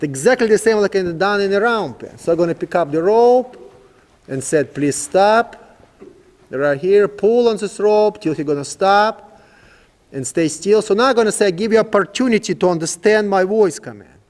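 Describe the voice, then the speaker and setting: A man training a young horse, giving calm, coaxing commands and explaining each step in simple, broken English. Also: high voice, moderate pace, in a large hall. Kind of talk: instructional demonstration.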